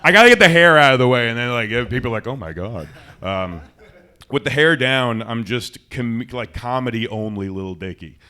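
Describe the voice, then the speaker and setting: A young man doing a stand-up comedy set in a club, rambling and self-deprecating, going from loud bursts to mumbled asides. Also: mid-range voice, lively intonation, normal speed, clear, resonant tone.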